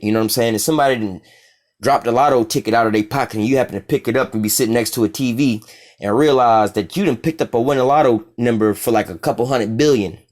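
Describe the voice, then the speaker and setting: A man teaching from the Bible in a loose, slangy way. He reads the verses slowly and deliberately, then explains them in blunt everyday talk. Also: mid-range voice. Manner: slangy, street-talk asides between slow verse readings. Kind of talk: informal scripture teaching.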